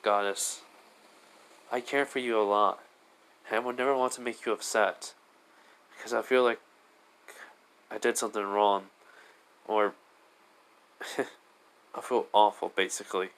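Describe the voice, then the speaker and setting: A man voicing a kind, earnest young male adventurer, speaking softly and haltingly in his own voice. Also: lowish voice, fairly even intonation, rough recording. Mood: tender.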